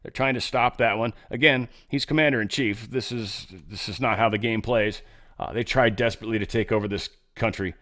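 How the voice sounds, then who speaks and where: A man hosting a solo show, reading news excerpts aloud and reacting in a casual, offhand way, often trailing off into low muttered asides. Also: fairly even intonation, fairly quick, fairly bright tone. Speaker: show host.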